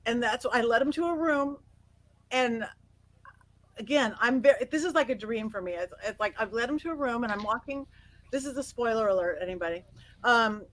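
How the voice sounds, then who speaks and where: A middle-aged woman guest on an interview, telling stories in an animated way, acting out quotes and laughing often. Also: a little high, fairly quick, low-quality recording. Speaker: guest psychic medium. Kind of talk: casual interview storytelling.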